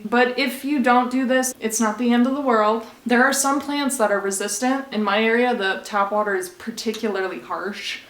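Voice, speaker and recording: A woman vlogger giving a casual how-to demonstration at home, chatty and conversational, with asides to the viewer. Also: mid-range voice. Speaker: plant care vlogger. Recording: roomy echo.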